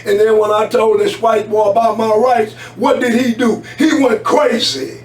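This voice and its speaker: A man's voice: high-pitched, little pitch movement, moderate pace, few pauses, soft background music. A man co-hosting a talk radio show, delivering heated, preachy commentary and swearing freely. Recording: roomy, distant mic with faint hum.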